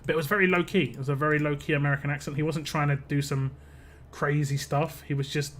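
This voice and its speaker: A man's voice: a little high, level tone, fast talker, fairly bright tone, soft background music. A man from the United Kingdom hosting a live game stream, chatting casually with viewers in a rambling, self-interrupting way. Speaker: live-stream gaming host. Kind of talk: casual chat while playing a game.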